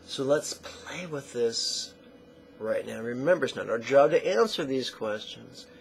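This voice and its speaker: A man teaching a guided meditation lesson in slow, deliberate phrases that trail off into soft near-whispers. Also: mid-range voice, expressive, gravelly, a little hiss or hum, low-quality recording.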